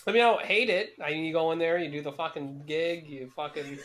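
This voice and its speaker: A man's voice: a little high, a little fast, fairly bright tone. A young man co-hosting a podcast, talking in a cynical, heavily profane, rambling way. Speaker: podcast co-host. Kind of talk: casual chat.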